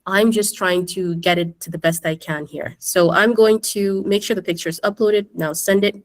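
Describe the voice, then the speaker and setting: A woman's voice: lowish voice, fairly even intonation, normal speed. Chatty woman teaching a class. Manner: chatty, keeps addressing the class. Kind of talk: casual screen-share tutorial.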